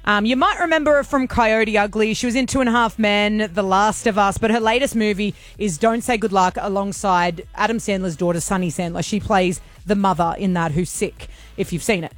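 A woman's voice: mid-range voice, a little fast. An Australian woman co-hosting a radio show, chatting and teasing her co-hosts. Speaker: radio co-host. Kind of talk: casual radio banter.

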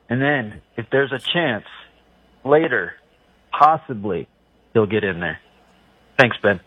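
A man's voice: medium pitch, husky, no echo. A man calling into a sports radio show, rambling and hesitant as he makes his point. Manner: meandering, hesitant, "you know". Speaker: caller. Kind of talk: rambling call-in talk. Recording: phone line, dry.

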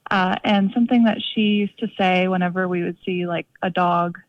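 A woman's voice: on the low side, steady tone, normal speed, dry recording, muffled recording. A young adult woman calling in to a radio show, chatty and full of "like" fillers. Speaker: caller. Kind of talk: casual phone-in chat.

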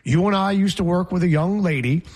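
A man, a reporter, telling a story in casual chat, emphatic and animated. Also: high-pitched, a little fast. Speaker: reporter guest.

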